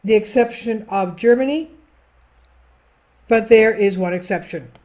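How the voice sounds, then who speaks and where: Brief: female host, mid-pitched, reads news commentary from a script, adds asides, trips on names. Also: a little slow, mellow. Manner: stumbles over foreign names. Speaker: political commentary channel host. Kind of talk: read-aloud news commentary.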